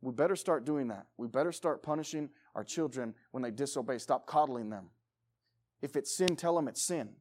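A man preaching a sermon as pastor, emphatic, swinging between loud urging and quiet pleading. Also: mid-range voice, animated, normal speed.

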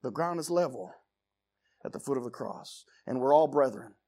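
A man preaching a sermon, telling folksy, jokey stories and swinging from hushed asides to loud outbursts. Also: mid-range voice, lively intonation, moderate pace.

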